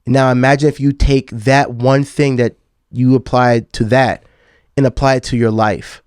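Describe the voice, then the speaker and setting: A man's voice: mid-range voice, level tone, moderate pace, darkish tone, smooth, dry recording, clean studio sound. A man in his thirties, a podcast host and DJ, telling a long personal story in a casual, profane way and often calling the listener "dog.". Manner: laid-back and profane, calls the listener "dog".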